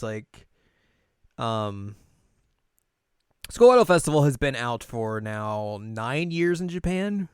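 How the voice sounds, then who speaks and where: Podcast host guy, smooth voice, dry close mic, chatty and laughs a lot. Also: mid-range voice, slow, long pauses, no echo. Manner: chatty, laughs often, speeds up when excited. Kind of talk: casual podcast chat.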